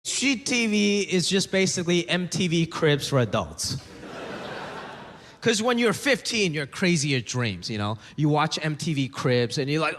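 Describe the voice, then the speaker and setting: High-voiced man doing stand-up. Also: sing-song, a little slow, a bit bright. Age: 30s. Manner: conversational, acts out quoted voices. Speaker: stand-up comedian. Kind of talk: stand-up comedy set. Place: comedy stage before a live audience. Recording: live venue with long reverb, audience noise.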